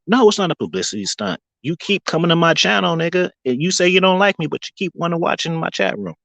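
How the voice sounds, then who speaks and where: Husky-voiced man ranting on a livestream. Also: on the high side, quick pace, few pauses, dry recording, rough recording. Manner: animated, mocking, laughs often between lines. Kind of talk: casual livestream rant.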